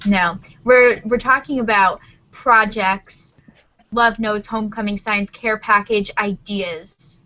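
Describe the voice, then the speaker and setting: Bright, upbeat woman hosting a video chat. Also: mid-range voice, fairly even intonation, slow. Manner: upbeat, laughs often, leads the conversation. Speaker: host of a support group call. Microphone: video call. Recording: dull lo-fi video call audio.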